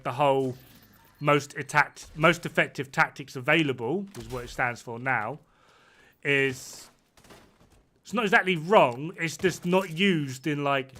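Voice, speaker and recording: A man's voice: mid-range voice, bright, forceful tone. A man streaming a game, chatting casually and rambling, swearing freely as he plays. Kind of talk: casual chat while gaming.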